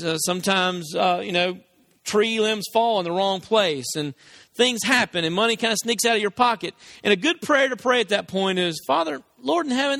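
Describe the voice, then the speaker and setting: A man preaching a sermon, telling stories and acting out voices with big pitch swings. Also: fairly bright tone, dry recording.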